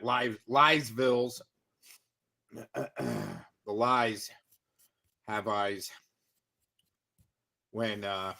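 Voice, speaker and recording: A man's voice: fairly low pitch, pushed and bright. Wry man making offhand livestream asides. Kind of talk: casual livestream chat.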